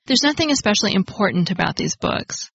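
Woman, podcast host, scripted grammar lesson, clear explanatory delivery, dry lo-fi sound. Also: mid-range voice, sing-song, fairly quick, a bit bright, no echo. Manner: clear, explanatory, stresses key words. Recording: dry, slightly dull lo-fi studio recording.

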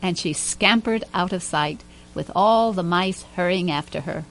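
Storybook narrator, woman, lowish voice, faint hum under the recording. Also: unhurried, fairly bright tone.

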